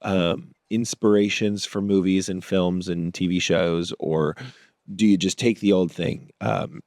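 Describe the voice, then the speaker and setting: A man's voice: low voice, fairly even intonation, unhurried, a little mellow, no room sound, studio quality. A man talking as an actor guest in a casual interview, thinking his answers through aloud. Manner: thoughtful, works through ideas aloud.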